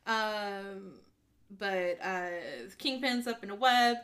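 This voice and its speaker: A woman's voice: medium pitch, slow. A woman co-hosting a casual podcast, walking through a movie's plot. She acts out characters' lines as she goes and laughs often. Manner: animated retelling, acting out lines, frequent laughs. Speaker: podcast co-host. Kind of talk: casual movie recap chat.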